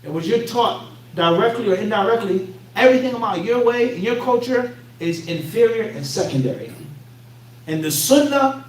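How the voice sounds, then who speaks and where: A man's voice: high-pitched, expressive, normal speed. A man with a Philadelphia accent giving an Islamic lecture to a class, bluntly streetwise, tossing out rhetorical "what?" questions for listeners to answer. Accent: Philadelphia American. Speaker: Islamic teacher. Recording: echoey room, mic far off, faint hum.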